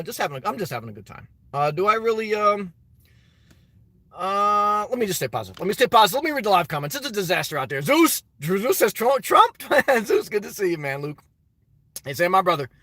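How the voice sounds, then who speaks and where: A man's voice: high voice, sharp tone, no echo. A man livestreaming from inside his car, giving a joking mock-solemn presidential address and laughing often.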